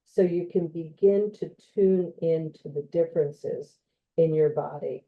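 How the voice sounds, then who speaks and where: Low-voiced woman, slow gentle talk, tinny. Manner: conversational, gentle, with frequent fillers. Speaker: occupational therapist presenting a talk. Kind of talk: informal educational talk. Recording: tinny phone-like online audio.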